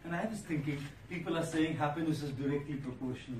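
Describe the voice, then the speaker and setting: A man, a monk giving an inspirational public speech, telling stories and listing words with pauses for effect. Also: a little high, darkish tone. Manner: storytelling, rhetorical, lists words with pauses. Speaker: monk giving a motivational talk. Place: large hall before an audience. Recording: echoey hall, distant mic, noisy.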